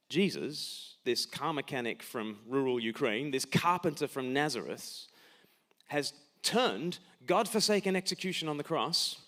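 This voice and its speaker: A man's voice: mid-range voice, fairly bright tone. A man preaching a sermon in a church, emphatic, with rhetorical questions and repeated words at the start of his sentences.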